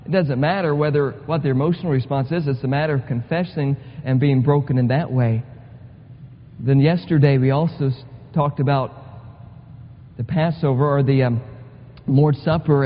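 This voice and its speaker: Earnest preacher in a reverberant hall. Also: male voice, fairly high pitch, slight background noise. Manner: earnest, repetitive, builds to urgent emphasis. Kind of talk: sermon. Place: church sanctuary. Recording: muffled sound with long hall reverb.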